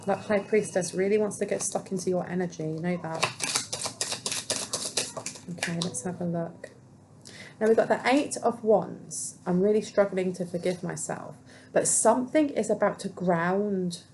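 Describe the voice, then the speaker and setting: A woman's voice: lowish voice, vocal fry, background noise. A woman giving a solo tarot reading, musing aloud and questioning the cards as she goes. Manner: musing, talks to herself and the cards. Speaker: tarot reader.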